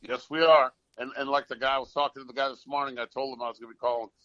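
A man's voice: medium pitch, level tone, very fast, pushed and bright, dry recording, muffled recording. A man calling in to a talk radio show, chatting in a fired-up way with the host. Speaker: caller. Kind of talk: phone-in call.

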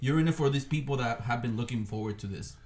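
A man's voice: mid-range voice, quick pace, darkish tone. A man with a mid-range voice chats on a podcast about stand-up comedy. He swears a lot and throws out sarcastic jabs at his friends. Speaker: stand-up comic, podcast co-host. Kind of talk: casual podcast chat.

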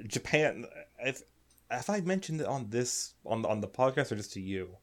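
A man's voice: medium pitch, big pitch swings, normal speed, crowd noise. A man co-hosting a podcast, chatting sarcastically and laughing often. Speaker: podcast co-host. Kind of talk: casual chat.

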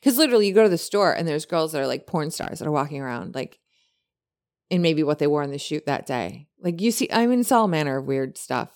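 A woman co-hosting a podcast, chatting casually and retelling a story with many animated quotes. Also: low-pitched, fast talker. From lived in California. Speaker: podcast co-host.

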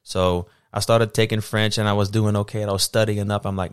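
A low-voiced man tells stories in an easygoing, casual way. His voice is smooth and clear, and the recording is dry and close, with no room sound. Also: fairly quick, no echo. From South Louisiana. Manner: easygoing storyteller, animated when quoting others. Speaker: guest, TikTok creator. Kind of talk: casual conversation.

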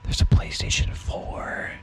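A man's voice: measured pace, heavy background noise. A man doing a whispered ASMR segment, rambling and self-mocking. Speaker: podcast co-host.

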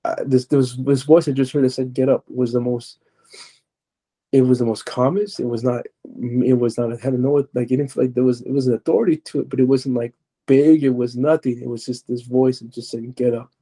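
A young man telling his personal testimony as a podcast guest, halting and restarting as he searches for words. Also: medium pitch, steady tone, mellow.

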